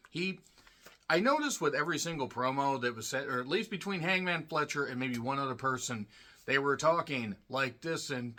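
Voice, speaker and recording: A man giving a solo review, talking in a sarcastic, profane, ranting way with frequent asides and throat-clearing. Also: medium pitch, lively intonation, normal speed, sharp tone. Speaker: wrestling show reviewer.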